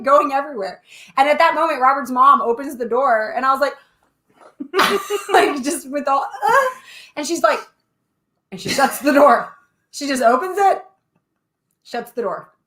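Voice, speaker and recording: Bubbly high-pitched young woman. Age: young adult. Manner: animated storyteller, shrieks and laughs often. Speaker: co-host. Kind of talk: casual chat.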